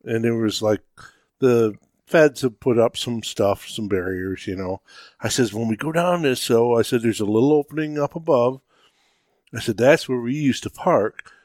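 A middle-aged man co-hosting a podcast, recounting events in a plain, steady way and quoting himself. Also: medium pitch, moderate pace, dry recording, clean studio sound. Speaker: podcast co-host. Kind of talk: casual podcast storytelling.

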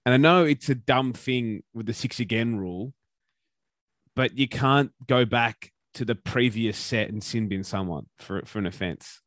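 A man's voice: mid-range voice, normal speed, fairly bright tone, dry recording, studio quality. A man with an Australian accent talking sports in a casual podcast chat, opinionated and ranting, with some swearing. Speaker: podcast co-host.

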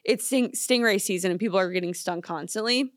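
A woman's voice: mid-range voice, a little fast, no room sound. A young woman co-hosting a podcast, telling a story in casual chat with lots of "like" and acted-out quotes, in a studio. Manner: animated, lots of "like", acts out quotes. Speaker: podcast co-host. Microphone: studio mic.

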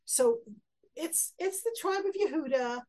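A woman's voice: very high voice, lively intonation, measured pace, a little mellow. A woman teaching a text study class, reading verses aloud and then explaining them, acting out the quotes with rising emphasis. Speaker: Torah teacher.

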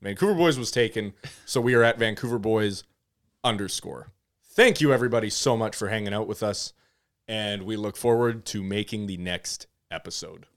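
A man's voice: lowish voice, moderate pace. A man co-hosting a casual podcast, laid-back and chuckling as he chats. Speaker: podcast co-host. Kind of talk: casual chat.

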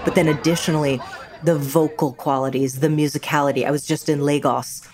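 Woman, American accent, very low pitch, lively storyteller, casual chat. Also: brisk, crowd noise. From New York. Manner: animated storyteller, slips into voices. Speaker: actor and guest.

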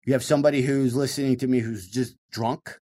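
A man with a Michigan accent, a stand-up comedian talking fast and animatedly in an interview, swinging his voice up and down to show his points. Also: mid-range voice, steady tone, dark tone. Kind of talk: casual interview talk.

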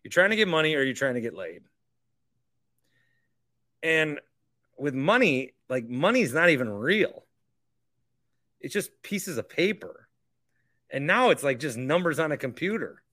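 A man's voice: fairly high pitch, big pitch swings, measured pace, long pauses, bright, forceful tone. A man hosting a podcast, rambling casually and mocking himself, with the odd swear. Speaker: podcast host.

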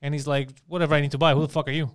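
A man's voice: on the high side, smooth. A man co-hosting a podcast, telling profane stories in casual chat and acting out the people he quotes. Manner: fast, profane storytelling with animated voices for quoted people. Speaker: podcast co-host.

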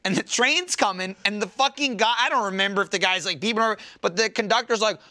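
Young man, casual podcast chat; lively storyteller, high and bright, acts out lines. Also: quick pace. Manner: animated storyteller, acts out voices, swears freely. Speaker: podcast panelist.

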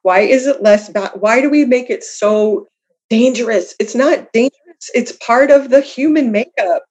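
A woman's voice: a little high, moderate pace, a little mellow, breathy edge. A woman speaking as a guest author, telling her own story candidly and reflectively, with self-deprecating humor. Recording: slightly dull lo-fi audio.

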